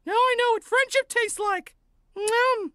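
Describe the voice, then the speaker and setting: A voice actor playing an overeager male owl-house creature in a cartoon, who shouts out cheerful, clingy exclamations and keeps hooting. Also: extremely high pitch, exaggerated voice. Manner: constant exclamations, punctuated by hooting. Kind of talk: animated cartoon voice acting. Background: loud cartoon score.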